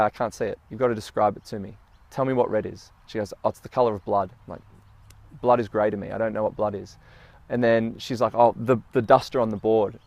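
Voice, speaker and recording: Man, low gravelly voice, dry close sound, casual reflective storytelling with fillers. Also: a little mellow, no room sound. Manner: storytelling, acts out quoted dialogue; filler-heavy, repeats words. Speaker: speaker sharing personal reflections.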